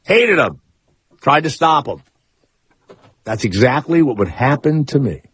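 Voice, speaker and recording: Husky, lively radio talk host. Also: male voice, measured pace. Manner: rambling, sarcastic, swings up high for emphasis. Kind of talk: comic radio monologue and call-in chat. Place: radio studio. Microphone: studio microphone.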